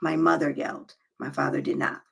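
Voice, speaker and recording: A woman's voice: low-pitched, level tone, fairly quick, creaky, breathy edge, rough recording. A woman talking straight to her viewers with relationship advice, emphatic and preachy, often checking in with "okay?" and "right?". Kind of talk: direct-to-camera advice talk.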